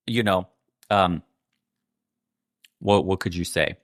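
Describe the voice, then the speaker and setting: A man's voice: low voice, expressive, measured pace, long pauses, fairly bright tone, no echo, studio quality. A man hosting his own channel, delivering a heated political commentary rant full of sarcasm, swearing and rhetorical questions. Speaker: channel host.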